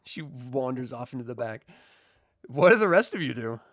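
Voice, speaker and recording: A man's voice: medium pitch, fairly quick. A man running a tabletop game as game master, narrating scenes and laughing often. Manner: laughs often, animated character voices.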